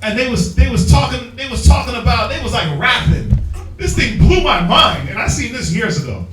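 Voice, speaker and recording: A man teaching from the Bible in an emphatic, slangy street style, prodding his reader with quick call-and-response. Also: very high voice, big pitch swings, fairly bright tone. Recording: echoey room, distant mic, faint music.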